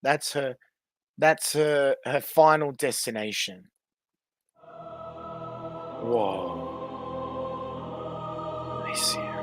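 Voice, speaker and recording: A man's voice: medium pitch, unhurried, soft background music. A man streaming, giving profane, mocking running commentary on clips and ranking people. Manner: profane, mocking, laughs often. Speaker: streamer ranking online personalities. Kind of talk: casual crude live-stream commentary.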